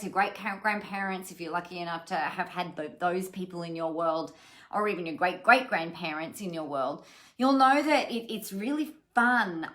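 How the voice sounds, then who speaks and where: A woman's voice: mid-range voice, a bit bright. Woman, middle-aged, business coach; casual, encouraging livestream delivery. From Australia. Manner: chatty and encouraging, greets viewers by name, frequent fillers. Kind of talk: live-streamed coaching talk.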